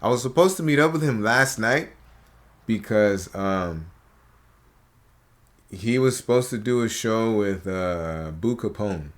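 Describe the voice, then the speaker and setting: A man's voice: fairly low pitch, a little slow, long pauses. A man, a comedian guest on a podcast, telling stories casually in a studio and acting out what people said. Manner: animated storyteller acting out quotes. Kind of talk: casual storytelling chat.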